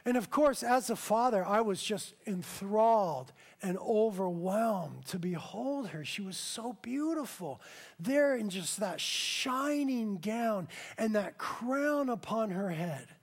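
A man pastor preaching a sermon, telling a story with slow, emphatic swells and quiet, tender passages. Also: high-pitched, expressive.

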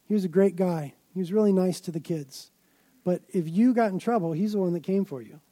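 A man's voice: sits high, brisk, mellow, no echo. A man preaching a sermon, telling stories dramatically with emphatic build-ups. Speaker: pastor.

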